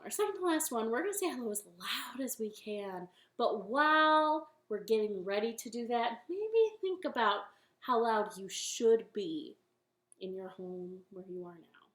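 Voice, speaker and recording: A woman's voice: mid-range voice, animated, a little slow, a bit bright. A woman hosting a children's storytime from her living room, chatty and playful as she talks to young children. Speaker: library storytime host. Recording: roomy home recording with faint ukulele.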